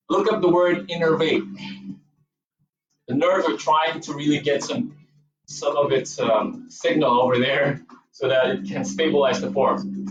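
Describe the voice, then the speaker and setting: A fairly high-voiced man with a Filipino Cebuano accent teaches a movement and yoga class in a dance studio, cueing breaths, counting and offering encouragement. The audio is dull, echoey and recorded far from the mic.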